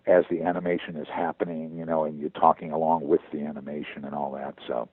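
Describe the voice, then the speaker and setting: A veteran voice actor talking in a phone interview, halting and repeating words as he goes. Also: extremely low pitch, flat delivery, husky, no echo. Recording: tinny phone line.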